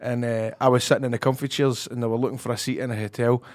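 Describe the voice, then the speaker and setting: A man's voice: medium pitch, level tone, quick pace, a little mellow. A Scottish man co-hosting a football podcast, telling stories in a laid-back, chatty way with dialect words. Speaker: co-host. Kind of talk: casual podcast chat.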